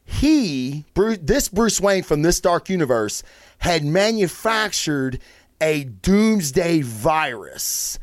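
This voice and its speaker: A man with a slightly high voice hosts a casual comic review and rambles excitedly through the plot. He swears freely. The sound is dry and close, with no room echo. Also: takes it slowly. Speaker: host of a comic book review show. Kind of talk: casual solo review talk.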